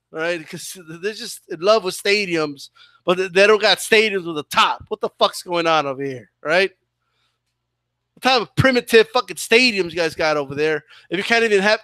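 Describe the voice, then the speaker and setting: Man, high voice, sarcastic profane boxing rant, dry close sound. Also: expressive, measured pace, pushed and bright, no room sound. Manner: sarcastic, swears a lot, ends points with "right?". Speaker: boxing channel host.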